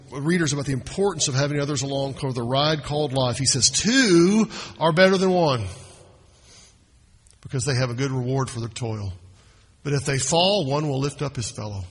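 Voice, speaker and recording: A pastor preaches a sermon in a slightly rough voice, swinging his pitch and volume and slowing down to drive his points home.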